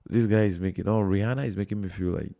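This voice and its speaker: Low gravelly Nigerian man streaming. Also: steady tone, fast talker, warm tone. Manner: rambling, chatty, many fillers and chuckles. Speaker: streamer reacting to videos. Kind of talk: casual livestream reaction chat. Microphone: phone.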